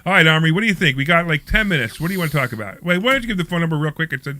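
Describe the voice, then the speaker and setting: A man's voice: a little high, racing, a crowd in the background. A man hosting a radio call-in show about money, telling stories animatedly and acting out the people in them. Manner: animated storyteller, acts out quoted voices. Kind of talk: casual talk radio chat.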